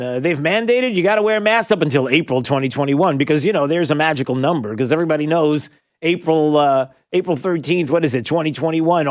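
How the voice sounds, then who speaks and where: A man hosting a talk radio show, giving an emphatic opinion monologue that rises to near-yelling when he gets riled. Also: high-pitched, dry recording, clean studio sound.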